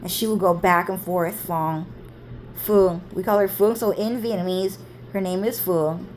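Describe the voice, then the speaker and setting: A young woman vlogger rambles through a family story, swearing freely and leaning hard on "like" and "dude." Her voice is on the low side, steady, unhurried and a little mellow. There's slight background noise.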